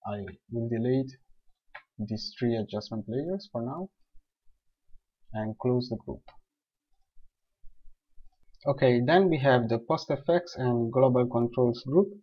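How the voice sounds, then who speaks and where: A man calmly explaining software steps one by one in a screen-recorded tutorial. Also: medium pitch, slow pace, long pauses, slightly rough. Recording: dull lo-fi voice recording.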